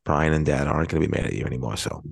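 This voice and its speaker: A man co-hosting a podcast, chatting casually and reading listener emails with wry, deadpan humor. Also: rumbling low, rapid-fire, vocal fry, slightly rough, no echo, clean studio sound. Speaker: podcast co-host.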